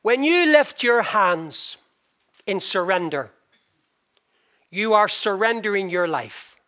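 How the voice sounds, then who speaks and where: An older man preaching a sermon with passion, slowing for emphasis and swinging between loud and soft. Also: high-pitched, expressive.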